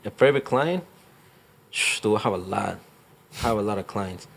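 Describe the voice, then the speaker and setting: A man's voice: on the low side, lively intonation, moderate pace, vocal fry. A young man, a real estate agent, talking casually in an interview, rambling with lots of fillers and slang. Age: young adult.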